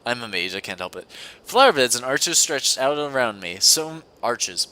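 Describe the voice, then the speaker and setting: Speaking at a normal pace into a computer desk mic, a young let's-play host reads a visual novel aloud during casual co-op game commentary. His mid-range voice is expressive and sharp, and he giggles through playful asides.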